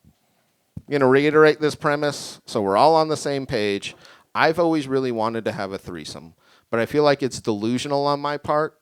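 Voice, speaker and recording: A young man doing a stand-up set in a small venue, rambling and deadpan, a bit tipsy. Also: mid-range voice, normal speed, clear, resonant tone, dry recording. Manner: deadpan, rambling, self-deprecating. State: tipsy from drinking. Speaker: stand-up comic. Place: small creative community venue with live audience.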